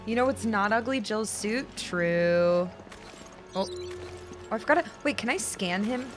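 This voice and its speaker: A woman with a mid-range, expressive voice speaks at a measured pace while music plays behind her. She's streaming a video game and chatting casually with her viewers, laughing a lot, swearing, and talking to chat as her voice gives out.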